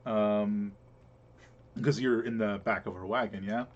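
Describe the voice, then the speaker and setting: A man's voice: lowish voice, fairly even intonation, a little slow, dull audio. A man narrating as game master for a tabletop game, rambling with many fillers and restarts.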